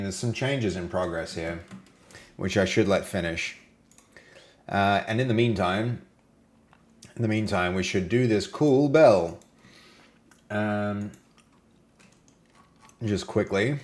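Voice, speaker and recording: A fairly low-pitched Australian man hosts a casual live coding stream. He talks in a relaxed, playful way with his viewers. He often drops into quiet murmurs while he reads notes aloud. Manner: chatty and playful, trailing off into low mutters while reading. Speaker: game developer streaming live.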